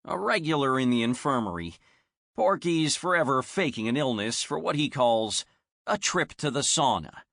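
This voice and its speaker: Expressive man narrating a storybook. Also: mid-range voice, normal speed, gravelly, no echo, clean studio sound. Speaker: audiobook narrator. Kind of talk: scripted narration.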